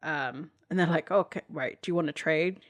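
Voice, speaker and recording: Giggly, lower-voiced woman podcast co-host. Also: moderate pace. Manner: giggly, retells scenes by quoting characters. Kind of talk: casual chat recapping a TV episode.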